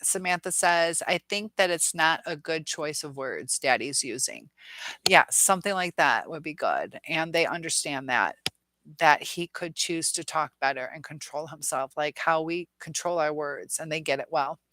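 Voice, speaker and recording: Woman hosting a live chat, bright lowish voice, chatty, laughs a lot, dry close sound. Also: moderate pace, no room sound. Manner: chatty, laughs often, reads viewer comments aloud. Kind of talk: casual live-stream chat reading comments.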